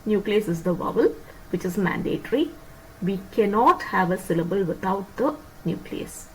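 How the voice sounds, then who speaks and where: A woman teaching a phonetics lesson, repeating points and asking her students quick questions to check they follow. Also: mid-range voice, animated, darkish tone, slight background noise, poor audio. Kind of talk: lecture on phonetics.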